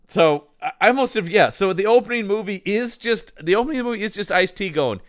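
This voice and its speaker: A man co-hosting a podcast, chatting casually about a film, animated and jokey, laughing often. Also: high voice, a little fast. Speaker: podcast co-host. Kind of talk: casual film-review chat.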